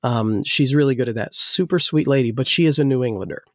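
A man's voice: medium pitch, quick pace, dry recording, clean studio sound. A man who grew up in New Jersey and now works as a pastor, talking casually and rambling with many restarts, his voice still a little weak. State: slightly weak voice. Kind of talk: casual discussion.

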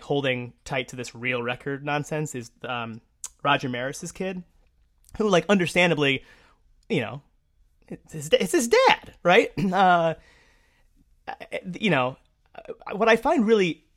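Animated, ranting sports podcast woman. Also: sits low. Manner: animated, ranting, many fillers and restarts. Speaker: podcast co-host. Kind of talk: casual sports talk.

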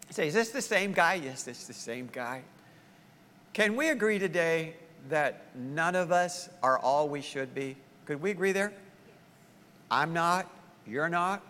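A man preaching a sermon as pastor, telling the story with lively acted-out voices. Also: fairly high pitch, long reverb tail. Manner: animated storytelling, acting out voices of the story's people.

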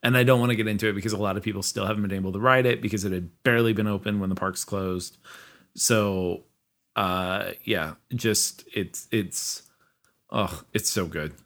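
A man with a low voice in a relaxed podcast conversation. He talks with eager emphasis and a sentimental, teary streak. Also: moderate pace. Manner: enthusiastic, emphatic, gets choked up. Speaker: podcast co-host. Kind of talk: casual chat.

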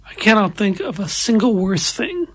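A radio co-host from Nova Scotia chats casually about local politics. The voice is husky and slightly breathy, mostly agreeing but now and then adding a dry one-liner. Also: medium pitch, very animated, normal speed. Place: radio studio.

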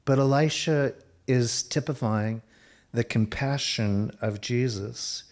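A man preaching a sermon, expressive, shifting his pace and dropping softer for quoted lines. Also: mid-range voice, slow. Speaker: pastor.

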